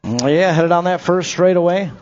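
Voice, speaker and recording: A man calls live BMX motos over an outdoor track PA, running through rider names and finishing spots between quick jokes. His voice sits a little high for a man, and the sound is dull and lo-fi, like a public-address system. The delivery stays upbeat and conversational. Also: a little mellow, a little hiss or hum. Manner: upbeat, joking asides between rapid race calls. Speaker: race announcer. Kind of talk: live BMX race commentary.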